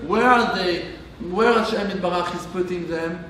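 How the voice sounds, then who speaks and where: High-pitched man preaching in an echoey hall. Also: moderate pace, a bit bright, slight background noise. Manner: impassioned preaching with long rhythmic lists. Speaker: rabbi. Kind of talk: sermon. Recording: echoey room from far off.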